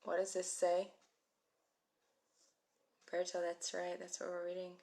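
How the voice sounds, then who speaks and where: A woman's voice: on the low side, monotone, measured pace, vocal fry, dark tone. A woman teaching a live-streamed Hebrew reading class, chatty and encouraging as she calls out viewers by name. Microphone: phone mic.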